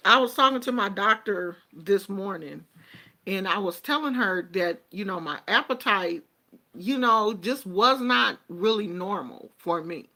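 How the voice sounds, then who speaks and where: A woman's voice: mid-range voice, lively intonation, unhurried, bright, forceful tone. A woman chatting casually to her viewers, with a Black way of speaking, telling stories and laughing often. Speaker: vlogger.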